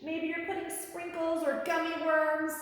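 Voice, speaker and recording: A woman's voice: very high voice, monotone, a little slow. A woman leading a yoga class for children in her studio, playful and encouraging with a sing-song delivery. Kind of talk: guided yoga instruction for kids. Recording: echoey studio with long reverb.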